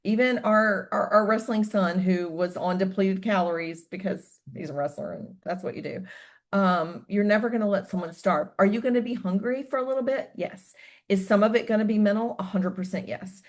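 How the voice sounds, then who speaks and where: Candid, animated woman telling stories. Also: medium pitch, normal speed. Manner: candid, animated storytelling, swears casually. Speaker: podcast guest, host's wife. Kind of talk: casual podcast chat.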